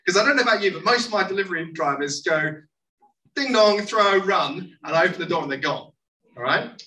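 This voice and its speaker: A preacher telling a story to a congregation in a lively sermon style, acting out the people in it. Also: medium pitch, quick pace. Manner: animated, acts out quoted voices. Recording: echoey room, mic at a distance, faint noise.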